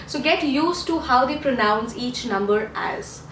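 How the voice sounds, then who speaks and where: A woman's voice: high voice, expressive, unhurried, fairly bright tone, slight background noise. A woman coaching for an English test in a chatty teaching monologue, repeating points and asking rhetorical questions, English not her first language. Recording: echoey room, mic at a distance.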